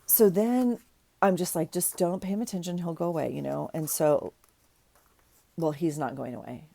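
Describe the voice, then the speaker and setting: Low gravelly chatty woman. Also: normal speed, dry recording. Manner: chatty, animated retelling with many "like"s. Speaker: journaling vlogger. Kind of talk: casual storytelling while crafting.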